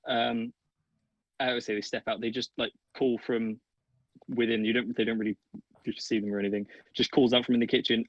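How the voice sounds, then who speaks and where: A man's voice: mid-range voice, flat delivery, fairly quick, no room sound, lo-fi sound. A man narrating a tabletop game as game master, casual and full of fillers. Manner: casual, filler-heavy, rambling.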